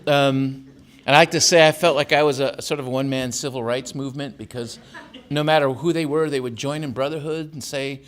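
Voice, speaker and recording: A man's voice: medium pitch, steady tone, fairly quick. An older man from Tijuana and San Diego giving a talk as an author, telling wry family stories and laughing at his own jokes in a campus auditorium. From born in Tijuana, raised in San Diego. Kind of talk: storytelling lecture.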